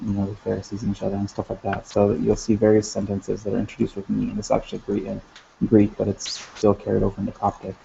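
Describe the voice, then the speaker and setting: Man, teacher, recorded lesson, halting delivery with fillers, gravelly, dark tone. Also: lowish voice, a little hiss or hum. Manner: halting, many fillers and restarts. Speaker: language teacher. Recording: dull lo-fi sound.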